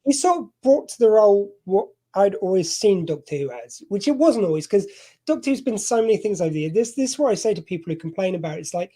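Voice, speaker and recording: A man's voice: high-pitched, very animated, fast, warm tone. A middle-aged man from southern England, a podcast host, telling a rambling, self-deprecating story in casual chat. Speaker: podcast host being interviewed.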